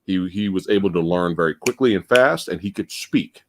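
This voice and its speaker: A man's voice: low voice, moderate pace, a little hiss or hum. A man hosting a podcast live, chatting casually about movies and acting out scenes as he talks. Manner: animated storyteller, acts out scenes, swears. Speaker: podcast host.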